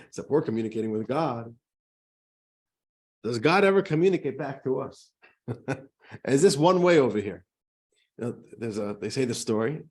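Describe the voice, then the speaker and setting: Husky, animated rabbi lecturing. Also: male voice, mid-range voice. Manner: animated, chuckling, conversational. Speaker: rabbi teaching a course. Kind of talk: lecture with jokes.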